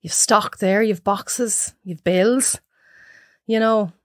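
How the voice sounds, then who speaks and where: An Irish woman in her thirties tells stories in a casual chat, swinging her pitch widely as she mimics the people in them. Her voice sits at a middle pitch and sounds close and dry, with no room around it. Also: slow pace, dry recording. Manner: animated storyteller acting out clients in high voices. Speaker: podcast guest.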